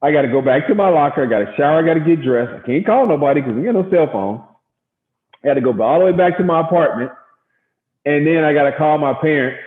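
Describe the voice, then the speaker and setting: A middle-aged man from Gary, Indiana, a former baseball pitcher, telling stories in a casual interview and acting out quotes. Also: quick pace. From Gary, Indiana, USA. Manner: animated storyteller acting out quotes. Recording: echoey, tinny phone-like sound.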